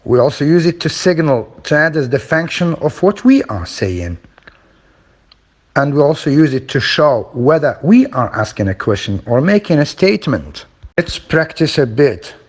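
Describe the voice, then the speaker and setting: Lively-voiced man teaching phonology. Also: a little high, moderate pace. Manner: demonstrates intonation with exaggerated example sentences. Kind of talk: phonology lesson.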